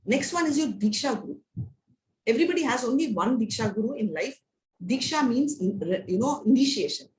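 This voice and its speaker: A woman's voice: a little high, expressive, a little fast. A woman with an Indian English accent teaching a devotional scripture class, telling stories and often tagging lines with "right?" and "you know". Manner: storytelling, frequent "right?" and "you know" tags. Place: temple class room. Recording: echoey room with faint noise.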